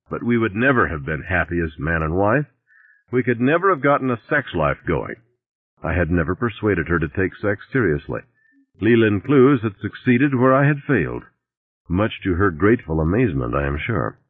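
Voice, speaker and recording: A man reading a novel aloud in a dry, wry first-person voice. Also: sits low. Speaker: audiobook narrator. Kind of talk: audiobook reading. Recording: tinny dry lo-fi recording.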